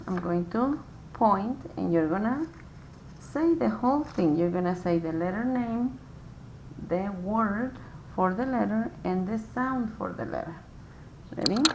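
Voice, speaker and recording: Woman, teacher, phonics lesson, slow careful instructions, echoey room, faint rumble. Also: darkish tone. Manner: slow, clear, patient step-by-step instructions. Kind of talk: phonics lesson for young children.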